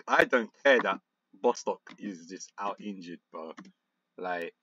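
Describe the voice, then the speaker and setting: A young man reacts to a football management game, swinging between low, grumbling muttering and sudden exasperated outbursts. His voice has a bright, forceful edge. The sound is dry and a little dull, like a home gaming mic. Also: unhurried, pauses often, no room sound. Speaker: gaming YouTuber.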